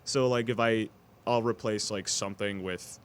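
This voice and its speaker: A man's voice: lowish voice, fairly even intonation, normal speed, clean tone. A young man co-hosting a casual podcast, talking playfully and jokingly. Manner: playful, jokey, slips into silly put-on voices. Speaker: podcast co-host. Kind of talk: casual chat.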